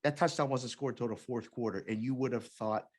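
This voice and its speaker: Animated man telling a sportsbook story. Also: medium pitch, a little fast, slightly rough. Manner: animated storyteller who acts out quoted people. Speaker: podcast co-host, former sportsbook oddsmaker. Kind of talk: casual chat, storytelling.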